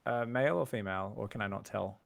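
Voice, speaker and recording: Gravelly man chatting as a game player. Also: on the low side, fast talker, dry recording. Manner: chatty, planning aloud. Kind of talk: casual chat at a tabletop game.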